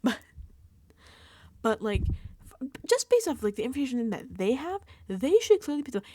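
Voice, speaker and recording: A woman's voice: sits high, sing-song, moderate pace, long pauses, dark tone. A woman giving casual, rambling recap commentary on a reality show, exasperated and swearing freely.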